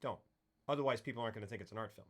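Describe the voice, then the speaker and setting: A man co-hosting a casual film talk stream, animated, retelling scenes with voices and sound effects. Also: fairly low pitch, rapid-fire. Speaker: podcast co-host. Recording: livestream.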